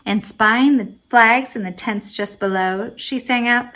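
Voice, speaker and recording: Slow, bright woman reading a rhyming story. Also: fairly high pitch. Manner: lively, expressive reading. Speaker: teacher reading aloud. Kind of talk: rhyming storybook read-aloud.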